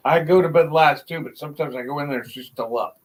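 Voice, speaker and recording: A man's voice: on the high side, fast talker, rough recording. A man hosting a casual live chat with friends, talking in a laid-back, drawling way. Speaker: host.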